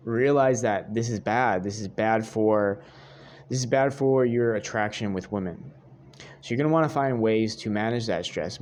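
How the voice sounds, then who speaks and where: In a direct-to-camera monologue, a young man working as a dating coach offers sincere advice, repeats himself for emphasis, and keeps saying "guys." He has a mid-range, somewhat mellow voice.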